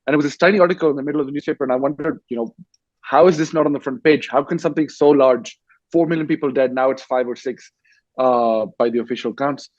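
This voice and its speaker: A man who grew up in Dubai and works as an author and war correspondent talks quickly in a mid-range voice, telling his story at a festival panel and frequently starting over. There's no room sound, and the high frequencies are cut off.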